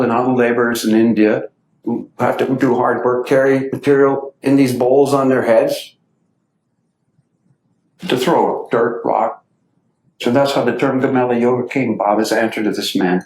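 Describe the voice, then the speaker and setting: A man giving a lecture to an audience, telling anecdotes and acting out the quotes. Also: mid-range voice. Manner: lively anecdotal storytelling with acted quotes. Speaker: speaker giving a talk. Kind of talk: storytelling lecture. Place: meeting hall. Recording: echoey hall.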